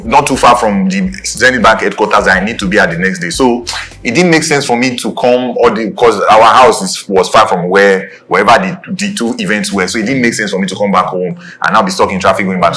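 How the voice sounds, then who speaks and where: A man's voice: on the low side, quick pace. A young adult man with a Nigerian accent, co-hosting a casual chat and often checking "do you understand". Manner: animated, repeats "do you understand". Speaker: podcast co-host.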